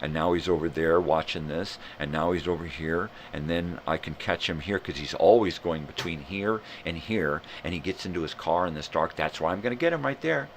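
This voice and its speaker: A man's voice: low-pitched, fairly quick, few pauses, a little hiss or hum. A man voicing a scheming male stalker who mutters through his plan.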